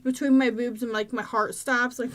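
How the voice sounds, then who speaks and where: A woman in her thirties, co-hosting a casual podcast chat, animated and swearing, breaking into loud acted-out quotes. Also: a little high, normal speed, slight background noise. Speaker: podcast co-host.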